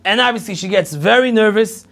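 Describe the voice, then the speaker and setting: A middle-aged rabbi tells a long personal story to an audience, lively and full of repetition. His voice sits high for a man and has a gravelly, creaky edge. He acts out everyone's lines as he goes. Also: a little fast. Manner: animated storyteller acting out dialogue, repetitive. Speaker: rabbi lecturer.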